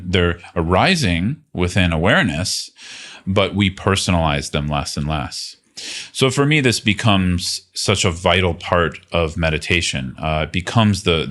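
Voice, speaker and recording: Deep voiced guy teaching meditation, laid back, lots of ums and restarts. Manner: relaxed, thoughtful, many fillers and restarts. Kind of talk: casual teaching talk.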